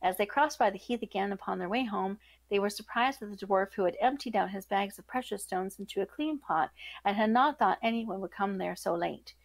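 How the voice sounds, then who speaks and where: A woman podcast host reading a fairytale aloud in a steady storybook manner. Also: mid-range voice, a little fast, dry recording, low-quality recording. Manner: steady storybook narration with self-corrections.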